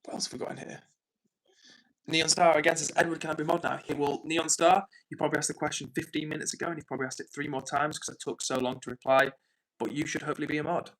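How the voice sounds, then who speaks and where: A man's voice: fairly high pitch, flat delivery, quick pace, fairly bright tone, low-quality recording. A man hosting a casual livestream, reading viewer comments aloud and chatting back in a rambling, apologetic way. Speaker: livestream host. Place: home in the north of England.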